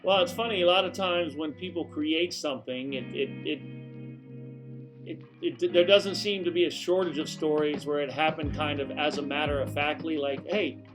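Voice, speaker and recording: A man's voice: on the high side, fairly even intonation, moderate pace, over music. A man hosting an interview, musing aloud and asking about the guest's past, sometimes repeating words as he starts. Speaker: interviewer, host. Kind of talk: conversational interview.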